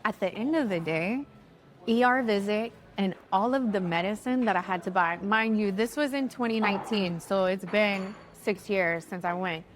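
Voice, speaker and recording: A woman in her thirties chatting casually to camera as she tells a travel story, animated and lively, acting out what people said. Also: medium pitch, moderate pace. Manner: animated, chatty, acts out quotes. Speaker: travel vlogger.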